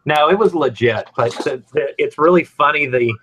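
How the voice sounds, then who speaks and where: A man with a Southern US accent hosting a casual show and telling stories with lively swings between loud and quiet. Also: on the high side, moderate pace, slight background noise, low-quality recording. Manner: animated storytelling, swings from loud to quiet asides. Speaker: host. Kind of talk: casual chat.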